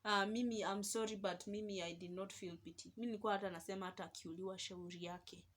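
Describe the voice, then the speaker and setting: A young woman with a Kenyan accent, telling a personal story in a lively, casual vlog and slipping between Swahili and English. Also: mid-range voice, fast talker, slight background noise. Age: young adult. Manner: animated, mixes Swahili and English. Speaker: vlogger.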